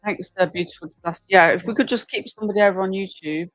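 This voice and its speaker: A woman's voice: mid-range voice, fast talker, dry recording. A woman hosting a casual livestream, chatting and reacting aloud to viewer comments at her desk mic. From United Kingdom. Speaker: livestream host.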